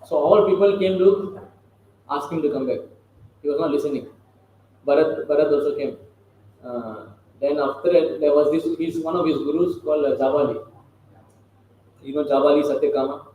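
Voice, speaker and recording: A man's voice: fairly high pitch, moderate pace, pauses often, mellow. A man giving a scripture lecture in a conversational way, often checking with listeners through rhetorical questions. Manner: conversational, keeps asking the audience rhetorical questions. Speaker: scripture class speaker. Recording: very echoey room with faint noise.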